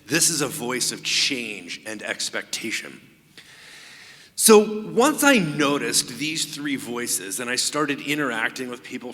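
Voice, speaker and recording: Guy preaching a sermon, measured and explaining things, mid pitch, reverby sanctuary. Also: pushed and bright. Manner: measured, explanatory, with frequent pauses. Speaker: pastor. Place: church sanctuary.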